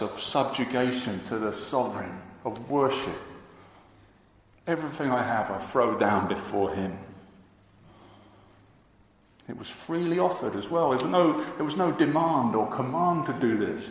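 A man preaching a sermon, slow and emphatic, now and then acting out quotes from the crowd. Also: medium pitch. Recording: echoey hall with long reverb.

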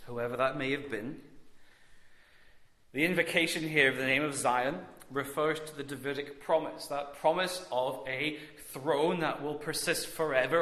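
Male preacher, deliberate and emphatic, bright voice, echoey room. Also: a little high. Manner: measured, emphatic with long pauses. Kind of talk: sermon.

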